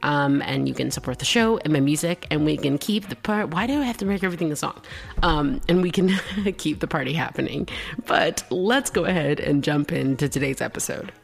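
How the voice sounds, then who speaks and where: A bubbly woman hosts her own podcast, chatting casually on her own. Her talk is loose and friendly, full of laughs and sudden high, excited jumps. Her voice keeps a gravelly edge at the bottom. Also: brisk. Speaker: podcast host. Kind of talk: casual solo podcast chat.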